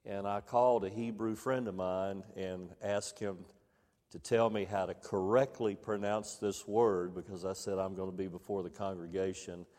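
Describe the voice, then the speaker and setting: A man preaching a sermon to his congregation, reading scripture aloud and repeating key phrases for emphasis in a measured way. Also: on the low side, a little mellow, big-room sound. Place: church sanctuary.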